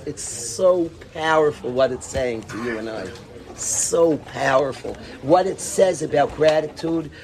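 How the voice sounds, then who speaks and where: A man with a high voice teaches a casual Torah class, bubbling with enthusiasm. His pitch jumps around a lot, and he drops Yiddish and Hebrew words into his English. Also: darkish tone, a little hiss or hum.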